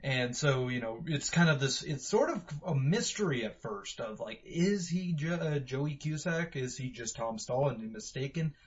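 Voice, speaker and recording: A man talks his way through a movie review, stopping and restarting with constant fillers. His voice is husky and mid-pitched. The recording sounds dull and lo-fi. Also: lively intonation, moderate pace, few pauses. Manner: rambling, many "you know" fillers and restarts. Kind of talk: casual spoken review.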